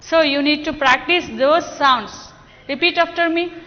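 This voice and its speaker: A woman teacher with an Indian English accent, slowly explaining a lesson to children and coaxing the class with questions. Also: high voice. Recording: dull lo-fi sound with long echo.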